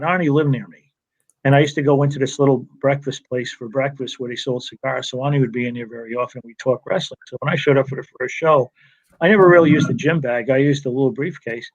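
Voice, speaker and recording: A man's voice: mid-range voice, lo-fi sound. A man, a retired wrestling referee, telling rambling stories from his career with restarts and chuckles over a remote call. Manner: rambling anecdotes with restarts and laughs. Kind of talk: casual storytelling interview.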